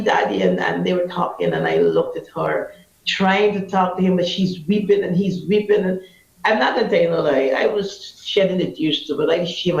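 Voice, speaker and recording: A woman with a Guyanese accent recounts her experiences with fierce, vivid passion, slipping into the voices of the people she quotes. Her voice has a gravelly, creaky texture. The recording sounds roomy and a little muffled. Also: lowish voice. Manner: impassioned, vivid storyteller acting out quotes. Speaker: anti-trafficking activist. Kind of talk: emotional personal storytelling interview.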